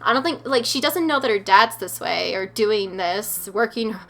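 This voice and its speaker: A woman's voice: medium pitch, expressive, normal speed, gravelly, fairly bright tone. A young woman hosting a let's play, chatty and opinionated, giggling often and saying "like" a lot. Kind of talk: casual gameplay commentary.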